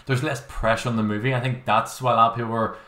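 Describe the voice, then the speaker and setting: A man's voice: medium pitch, steady tone, fast, bright, forceful tone. A man hosting a casual podcast chat, rambling and restarting his thoughts. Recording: roomy echo.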